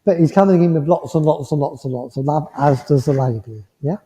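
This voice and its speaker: A man giving a mediumship demonstration to a congregation, speaking in a gentle, reassuring way and checking in often with the listener. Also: a little high, a little fast. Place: village hall. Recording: muffled hall sound with long reverb.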